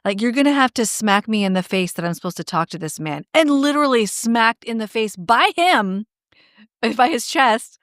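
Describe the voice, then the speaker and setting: A woman's voice: fairly high pitch, expressive, normal speed, a bit bright, dry recording, studio quality. A woman hosting a podcast interview, responding attentively with short encouraging reactions. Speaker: podcast host. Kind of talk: interview conversation. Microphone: podcast microphone.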